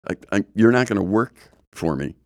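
Blunt middle-aged male podcast co-host, deep-voiced, dry close sound. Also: animated, fairly quick, darkish tone, no room sound. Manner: blunt, opinionated, stammers on restarts. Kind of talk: casual discussion.

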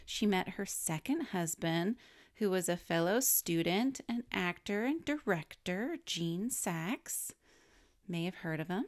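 A woman's voice: on the low side, expressive, slow pace. A woman co-hosting a casual podcast, reading from her research notes in a chatty way, explaining as she goes and laughing often. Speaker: podcast co-host.

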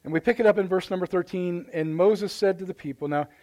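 A man's voice: high voice, quick pace, darkish tone. A man with a Midwestern American accent, preaching a live sermon as pastor in folksy storytelling, acting out voices and exclamations. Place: church sanctuary, live service.

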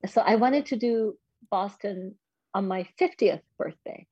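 A woman's voice: mid-range voice, unhurried, husky, no echo, lo-fi sound. A woman in her fifties telling a personal story in an interview, candid and self-deprecating. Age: 50s. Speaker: guest.

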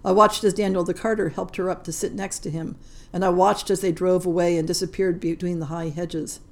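A woman's voice: on the low side, little pitch movement, a little fast. Woman reading a story. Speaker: podcast story reader. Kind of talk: scripted narration.

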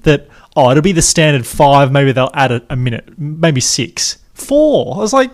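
A man's voice: medium pitch, steady tone, moderate pace. A man co-hosting a casual sports podcast, talking in an easygoing way and chiming in with opinions. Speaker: podcast co-host.

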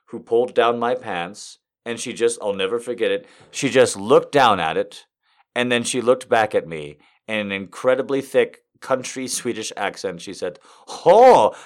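A man reading a story aloud in a hushed voice and breaking off for rambling, laughing comic commentary. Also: on the low side, normal speed. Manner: rambling, laughs a lot, mock-exasperated. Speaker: reader and commentator.

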